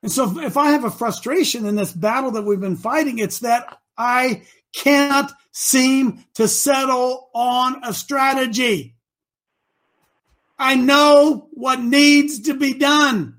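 A man leading a group as their coach, preaching with passion, often stammering over his words and sometimes shouting. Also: very high voice, slow pace. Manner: impassioned, stammering restarts, shouts at times. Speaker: group leader called Coach.

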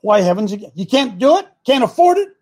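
A man's voice: very high voice, sing-song, fast, darkish tone. A middle-aged man hosting a call-in talk show, preaching and scolding his listeners in a combative way.

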